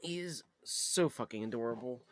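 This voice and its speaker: A man's voice: mid-range voice, moderate pace. A man hosting a pipe smoking livestream, talking in a casual, rambling way full of fillers. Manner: rambling, filler-heavy, relaxed. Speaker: pipe smoking channel host.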